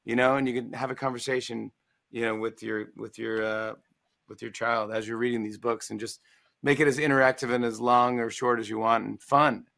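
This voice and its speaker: A man in his forties, a guest author in a casual interview, talking in a playful, animated way and acting out lines. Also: mid-range voice, fairly quick, vocal fry.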